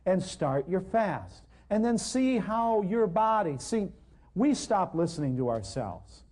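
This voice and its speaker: A man with a high but mellow voice gives a live seminar talk on natural healing. He is animated and joking, slipping into little acted dialogues with his patients. He drives his points home by repeating them. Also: takes it slowly. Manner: emphatic, repeats points for effect.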